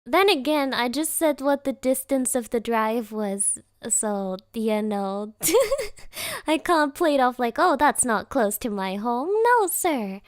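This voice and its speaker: Giggly high-voiced young woman streamer. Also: very animated, slow pace, no echo, clean studio sound. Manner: giggly, rambling, reads chat aloud. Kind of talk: casual chat with live chat.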